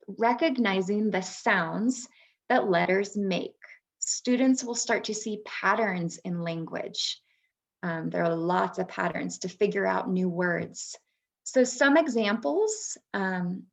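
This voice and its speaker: A woman, a former third grade teacher, explaining reading skills to parents in a patient presentation with frequent ums. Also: medium pitch. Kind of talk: instructional webinar presentation.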